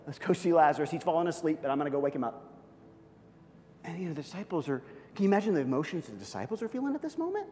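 A man's voice: very animated, rapid-fire, slight background noise. Man preaching in a reverberant hall. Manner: dramatic, swings from loud and high to soft and hushed. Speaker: pastor. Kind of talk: sermon.

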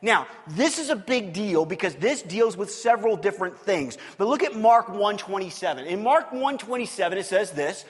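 A man's voice: sits high, lively intonation, moderate pace, few pauses, breathy edge. A man giving conversational Bible teaching as a pastor, talking informally, restarting and repeating words and checking in with his listeners. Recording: long reverb from a large room.

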